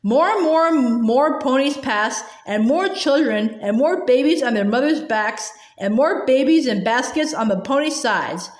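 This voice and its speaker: A woman reading a children's novel aloud gently, with small restarts now and then. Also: sits high, lively intonation, a little slow, few pauses, roomy sound. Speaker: storybook reader.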